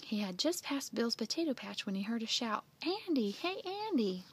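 A woman gently and expressively reading a children's book aloud. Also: fairly high pitch, lively intonation, brisk, slight background noise. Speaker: storyteller.

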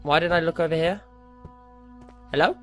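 A man's voice: on the high side, normal speed, fairly bright tone, faint music behind. A young man playing a horror game and commentating with jokes, rambling and narrating every move he makes. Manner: jokey, rambling, narrates his own moves. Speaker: let's play gamer.

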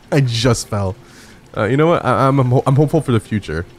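A man's voice: mid-range voice, expressive, a little fast. A man streaming a climbing game live, talking to chat in a frantic, swearing way and laughing at himself. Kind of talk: live gameplay commentary. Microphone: studio dynamic microphone.

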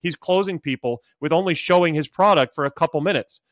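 A man's voice: a little high, brisk, dry recording, clean studio sound. A middle-aged man, a sales coach, giving advice in a podcast interview and acting out buyers' lines with lots of energy.

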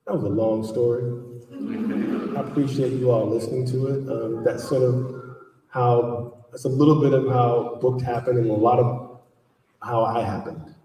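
A man's voice: medium pitch, moderate pace, slight background noise. A man telling a long story to a live audience at an author event, acting out the voices in it. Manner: animated storyteller, acts out dialogue. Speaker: author speaking at a book event. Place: large echoey hall. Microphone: distant from the recording mic. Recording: echoey hall recorded from far off.

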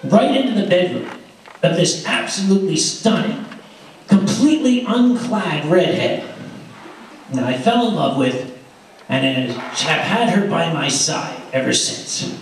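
A man acting out a boastful old veteran, pitched up and louder as he spins an excited tall tale. The voice rings around a large echoey room, caught by a faraway mic with faint noise. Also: unhurried, recorded from a distance.

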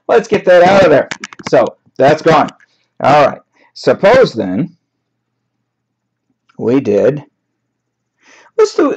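On a dull lo-fi recording, a man with a mid-range, slightly mellow voice lectures a writing class on paraphrasing. He's chatty and wry, occasionally laughing at his own examples.

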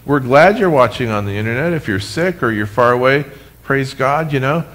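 A man preaching a sermon as pastor, animated, with humorous asides, speaking to his congregation and online viewers. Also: medium pitch, normal speed. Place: church sanctuary, recorded for live stream.

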